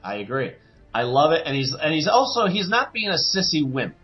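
Animated man in casual podcast chat. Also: fairly high pitch, fairly quick, lo-fi sound, soft background music. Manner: animated, acts out quotes in changing voices. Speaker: podcast co-host.

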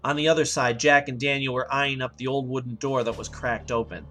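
Man narrating over soft music. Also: mid-range voice, steady tone, fairly quick. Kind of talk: scripted story narration.

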